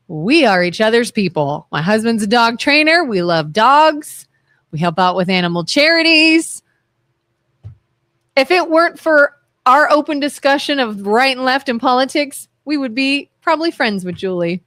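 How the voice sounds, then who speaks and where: A woman co-hosting a casual live-streamed talk show, bantering in an animated, playfully defensive way. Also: high-pitched, normal speed, no echo, studio quality. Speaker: co-host.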